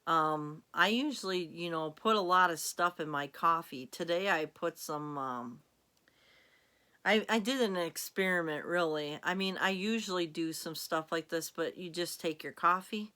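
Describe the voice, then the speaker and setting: Bright-voiced giggly woman vlogger. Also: lowish voice, measured pace, smooth. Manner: rambling and giggly. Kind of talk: casual chat to camera.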